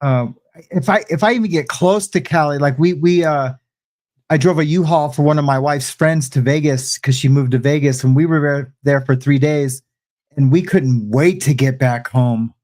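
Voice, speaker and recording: A man recounting his past in an easygoing interview, speaking in halting bursts full of restarts and fillers. His voice sits a little higher than average for a man. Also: a little mellow. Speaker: guest sharing testimony. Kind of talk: casual conversational storytelling.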